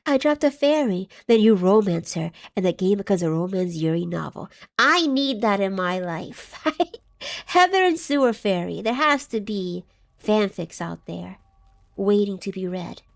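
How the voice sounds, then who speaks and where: A woman's voice: mid-range voice, animated, unhurried, gravelly. A woman streaming a game live, chatting casually and reading chat aloud, scattered and giggly as she loses her train of thought.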